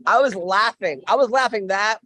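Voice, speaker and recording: Brief: high-pitched male podcast co-host, chatty, laughs a lot, dry mic. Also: normal speed, sharp tone, dry recording. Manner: chatty, laughs often, rambling restarts. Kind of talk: casual sports banter.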